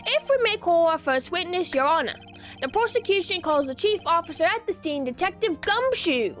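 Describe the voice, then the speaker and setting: A woman's voice: extremely high pitch, animated, normal speed, a bit bright, soft background music, pitched above the performer's own voice. A woman voicing a haughty male prosecutor in a put-on British accent, formal and drawn out. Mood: smug.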